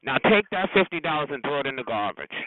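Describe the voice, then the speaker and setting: A man trash-talking on a phone chat line with sassy, drawn-out talk, calling everyone honey and child. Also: on the high side, big pitch swings, no echo. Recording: tinny phone line with crowd noise.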